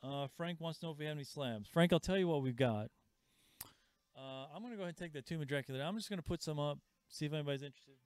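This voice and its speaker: A man's voice: a little high, rapid-fire, darkish tone, smooth, no room sound. A man hosting a live sales stream from a comic shop. He chats casually, reads out viewer comments and calls out prices.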